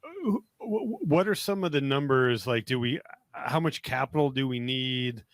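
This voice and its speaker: A man hosting an interview and asking relaxed, loosely phrased questions. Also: mid-range voice, measured pace, dry recording. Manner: relaxed, asks with restarts. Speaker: interview host.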